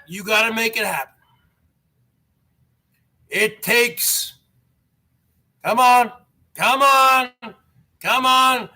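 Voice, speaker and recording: Boastful male host, high and bright voice, slow brash delivery. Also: vocal fry. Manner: brash, boastful, taunting viewers. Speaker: show host. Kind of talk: livestream talk.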